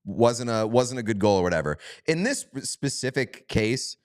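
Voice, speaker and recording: A man co-hosting a casual hockey podcast, playful and quick to laugh. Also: mid-range voice. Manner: laughs often, animated and playful. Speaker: podcast co-host.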